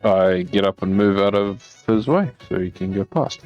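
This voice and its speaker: Deep-voiced, polite tabletop player. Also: male voice, normal speed, darkish tone. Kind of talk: playing a character in a tabletop game. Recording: dull lo-fi sound with faint music behind.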